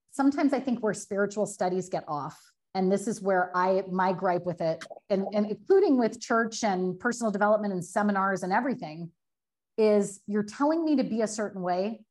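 Casting: woman, 30s, podcast guest, earnest storyteller, middle pitch, lots of "like.". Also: darkish tone. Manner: earnest, fast, many filler likes, acts out quotes. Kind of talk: candid personal story in a podcast interview.

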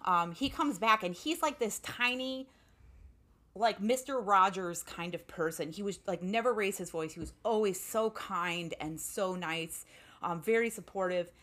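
A woman's voice: medium pitch, a little slow, fairly bright tone. A woman telling a personal story in a casual interview, talking freely with many "like" fillers. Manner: chatty, lots of "like" fillers.

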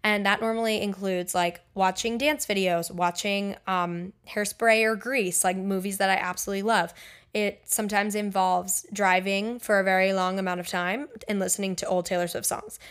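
A woman's voice: mid-range voice, fairly even intonation, moderate pace, fairly bright tone, clean tone. A young woman hosting her own podcast, talking casually and chattily with frequent fillers. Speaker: podcast host. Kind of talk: casual solo podcast talk.

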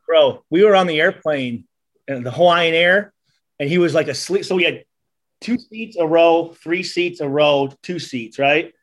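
A man in his forties, a former football player, guesting on a casual podcast and telling animated stories with plenty of "dude.". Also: on the high side, a little slow. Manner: animated storyteller, calls listeners dude.

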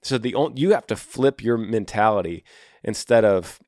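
Earnest low-voiced man giving advice. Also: normal speed, darkish tone, no echo, clean studio sound. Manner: earnest and encouraging, repeats key phrases. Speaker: podcast host. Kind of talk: advice podcast monologue. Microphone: studio microphone.

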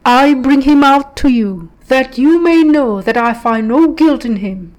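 A man's voice: extremely high pitch, lively intonation, unhurried, poor audio. A woman voicing a stern middle-aged male Roman governor during a devotional scripture reading, lifting her voice to declaim. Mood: proclaiming.

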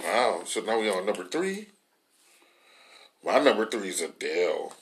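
Low-voiced animated man chatting. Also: unhurried. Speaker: co-host. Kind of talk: casual chat.

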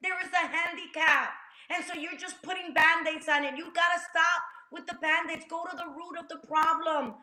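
Passionate high-voiced woman testifying. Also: steady tone, brisk, hardly any pauses, bright, forceful tone, echoey room. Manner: passionate, preacher-like, acts out quotes. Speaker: guest sharing testimony. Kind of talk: faith-based talk show conversation.

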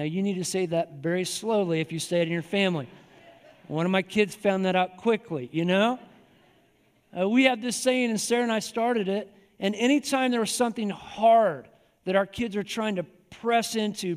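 A man in his forties preaching a sermon in a conversational, folksy storytelling manner, driving points home with repetition. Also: sits high. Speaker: pastor. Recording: long hall reverb.

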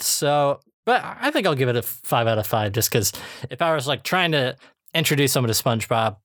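A man's voice: medium pitch, a bit bright, no room sound, studio quality. A man hosting a podcast in casual chat, chatty with many fillers and frequent laughs. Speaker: podcast host reviewing episodes.

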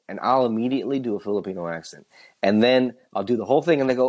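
A man co-hosting a podcast, talking casually in quick bursts full of asides. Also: mid-range voice. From United States. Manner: animated, talks in quick bursts with many asides. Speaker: podcast co-host.

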